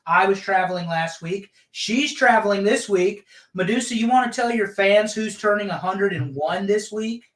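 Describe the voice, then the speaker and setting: A man's voice: sits high, normal speed, few pauses, fairly bright tone. A man hosting a live chat show, upbeat and playful as he introduces his co-host. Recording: roomy echo.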